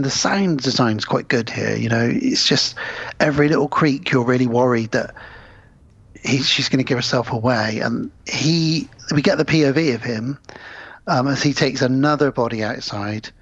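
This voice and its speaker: A man co-hosting a podcast, calmly walking through a film's plot in casual chat and quoting characters dryly. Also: medium pitch, normal speed, breathy edge, no echo, dull audio. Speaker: podcast co-host. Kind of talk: casual film recap chat.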